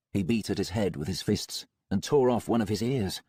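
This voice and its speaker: Husky low-voiced male audiobook narrator. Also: expressive, moderate pace, few pauses, warm tone, no echo, clean studio sound. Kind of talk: first-person audiobook narration.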